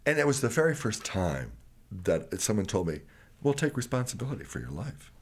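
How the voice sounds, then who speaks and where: A man from Wisconsin telling personal stories in an interview, animated and acting out other people's voices. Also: fairly low pitch, fairly quick, breathy edge. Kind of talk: candid personal storytelling.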